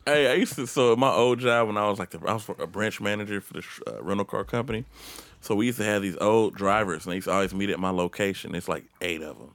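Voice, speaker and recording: A man's voice: on the low side, quick pace, a bit bright, dry recording. A man in casual chat, telling profane stories from his old job. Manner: crude, profane storytelling.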